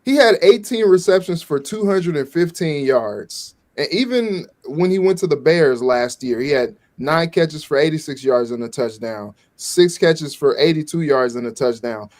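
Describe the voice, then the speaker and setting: A man's voice: a little high, animated, normal speed, few pauses, a little mellow. Stat-heavy male sports panelist. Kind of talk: casual sports analysis.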